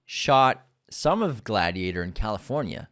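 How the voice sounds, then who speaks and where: A man's voice: on the low side, very animated, unhurried, a bit bright. Explaining man co-hosting a movie podcast. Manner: explanatory, asks quiz questions, adds "you know". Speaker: podcast co-host. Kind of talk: casual movie chat.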